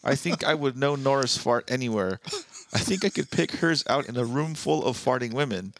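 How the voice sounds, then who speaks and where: A man co-hosting a casual comedy podcast, reading aloud from notes with quick off-the-cuff asides. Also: medium pitch, animated, a bit bright, a little hiss or hum. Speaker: podcast co-host. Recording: dry close-miked podcast audio.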